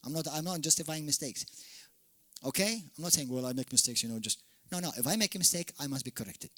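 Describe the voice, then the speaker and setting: A man from Malta preaching a fiery sermon as pastor, swinging from shouted peaks to sudden quiet drops. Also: a little high, animated, fast talker. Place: church hall.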